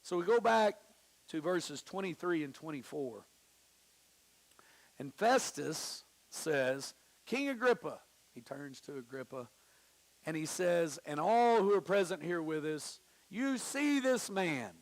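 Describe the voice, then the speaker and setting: Guy preaching in church, high raspy voice, chatty, does little voices for the people in the story. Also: expressive, takes it slowly. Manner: conversational preaching, acting out quoted voices, pitch swinging widely. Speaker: pastor. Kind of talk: sermon. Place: church sanctuary.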